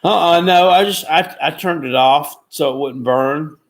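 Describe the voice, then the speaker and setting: A man with a slightly high voice speaks a little slowly while hosting a live watchalong from home. He reads chat comments aloud in a rambling, folksy, profane way.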